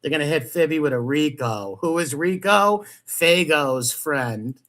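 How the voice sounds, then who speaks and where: A man's voice: fairly high pitch, animated, unhurried, a bit bright. A man hosting a podcast who talks over a clip, scoffing and mocking the speaker. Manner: sarcastic, scoffing, repeats and mocks the guest. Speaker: podcast host commenting on a replayed interview.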